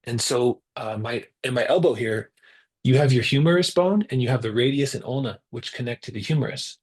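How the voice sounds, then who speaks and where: A man's voice: mid-range voice, brisk, slightly rough. A young man presenting a webinar, telling a personal story earnestly and acting out the quotes. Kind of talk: personal story in a spiritual talk. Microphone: webinar mic.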